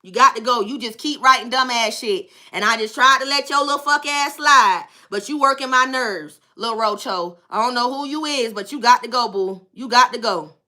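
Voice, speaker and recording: High, bright-voiced woman tarot reader. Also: normal speed, few pauses. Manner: effusive, blessing and thanking viewers; blunt and profane with trolls. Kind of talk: livestream tarot reading.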